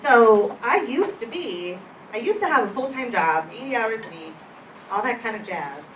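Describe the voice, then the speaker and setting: A woman's voice: fairly high pitch, lively intonation, normal speed. A woman giving a live seminar talk to an audience, chatty and conversational with self-deprecating asides. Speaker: presenter at a wellness event. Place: event room before an audience. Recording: echoey room, distant mic, background noise.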